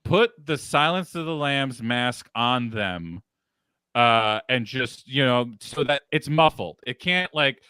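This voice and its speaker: A man co-hosting a podcast in casual chat, joking in an excitable, exaggerated way. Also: medium pitch, slow, smooth, no echo. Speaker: podcast co-host.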